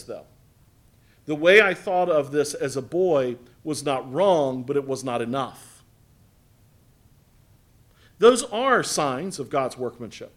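Man preaching, high tenor voice, earnest, loud emphatic peaks and hushed asides, church sermon. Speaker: pastor.

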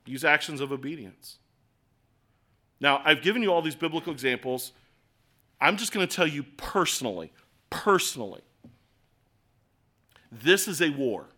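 A middle-aged man delivers a sermon in a chatty, animated style, acting out little asides as he goes. His voice sits a touch high and comes across bright and forceful. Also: normal speed, long pauses. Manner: conversational, animated preaching with acted asides. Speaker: pastor.

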